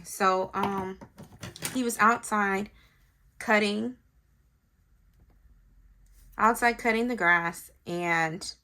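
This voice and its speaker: With a medium-pitched, gravelly, bright voice and a forceful tone, a mom who makes planner videos chats while decorating and tells a family story. She addresses viewers directly and thinks aloud; a little hiss or hum is audible.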